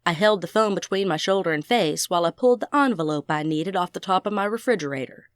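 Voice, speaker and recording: A woman's voice: lowish voice, animated, quick pace, dry recording, studio quality. A woman narrating a first-person audiobook, full of folksy phrases. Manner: folksy Southern idioms.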